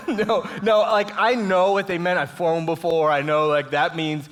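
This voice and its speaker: A man with a high, light voice speaks as a guest at a church service. He tells his stories in an upbeat, animated way and laughs often as he goes. He sounds like he is in his thirties. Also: noisy background. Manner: lively storytelling with chuckles. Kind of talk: inspirational talk at a church service. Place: church auditorium, live audience.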